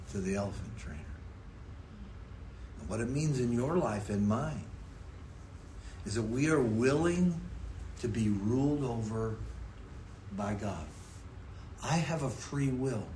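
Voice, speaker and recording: A man preaching a sermon in a conversational, storytelling manner, sometimes putting on quick mock voices for effect. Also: medium pitch, slight background noise. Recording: echoey room with faint ambience.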